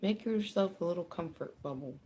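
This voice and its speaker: Lively swearing woman reading tarot. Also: fairly low pitch, moderate pace, slight background noise. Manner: chatty, animated, swears freely, laughs often. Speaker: tarot reader. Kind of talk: casual spoken card reading.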